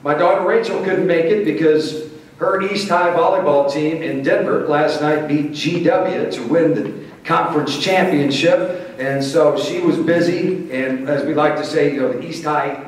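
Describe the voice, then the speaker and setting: A middle-aged Missouri man with a slightly high voice speaks unhurriedly, giving a folksy acceptance speech as a motivational speaker. His style is warm storytelling with playful asides to the crowd, delivered in a large banquet hall. The recording is echoey, with a distant mic and faint hiss.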